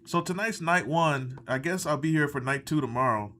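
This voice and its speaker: A man hosting a live stream, reacting in a loose, rambling way, sarcastic and quick to swear. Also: fairly high pitch, fairly bright tone, a little hiss or hum. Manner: ranting, sarcastic, swears often, rambling asides. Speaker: livestream host reacting to wrestling. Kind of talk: casual live reaction commentary.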